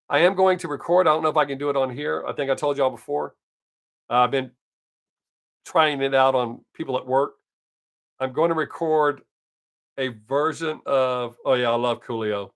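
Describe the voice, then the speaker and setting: A man's voice: medium pitch, a bit bright. Rambling middle-aged man, slightly scratchy. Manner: rambling, laughing, crude joking. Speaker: live stream host and stand-up comic. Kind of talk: casual chat.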